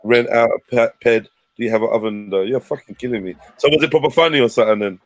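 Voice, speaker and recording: A young man with a South London accent hosting a casual livestream panel over a headset, bantering loudly and swearing freely. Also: medium pitch, fast, no room sound. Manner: loud, animated banter, swearing.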